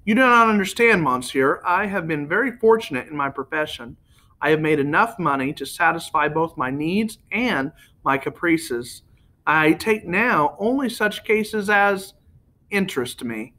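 A man's voice: a little high, lively intonation, a little slow, sharp tone. A man doing a formal, precise foreign detective. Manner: formal, addresses people as monsieur. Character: fastidious foreign male detective, polite and formal.

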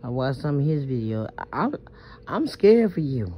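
Lying in bed at night, a New Orleans vlogger talks into her phone in a rumbling low, very animated, mellow voice that's slightly rough, at normal speed. Her confessional rambling is stammering, emphatic and freely profane, captured in muffled lo-fi phone sound.

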